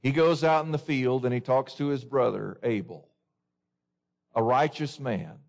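A man's voice: mid-range voice, unhurried, vocal fry, a little mellow. A man preaching a sermon in an earnest way, often asking his listeners questions.

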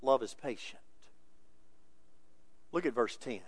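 A male pastor preaching a sermon with emphasis, moving between quiet asides and raised, insistent points. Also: mid-range voice, animated, slow, breathy edge, no echo.

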